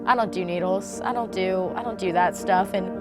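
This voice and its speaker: A woman's voice: mid-range voice, normal speed. A woman recounting a hard memory in a documentary interview, acting out what people said and laughing through the emotion. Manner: animated, acts out remembered dialogue, laughs through emotion. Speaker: former gymnast interviewee. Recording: music bed underneath. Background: music.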